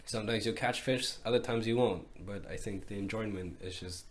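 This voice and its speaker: A man's voice: on the low side, brisk. A man co-hosting a podcast, chatting casually and laid-back, with frequent "yeah, yeah" fillers. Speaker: podcast co-host. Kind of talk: casual chat.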